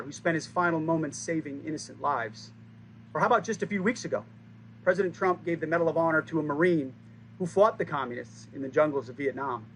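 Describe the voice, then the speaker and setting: A man in his forties giving a formal, rousing ceremony speech, stressing key lines with pauses for effect. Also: fairly high pitch, a little hiss or hum, rough recording. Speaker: speaker at a base ceremony.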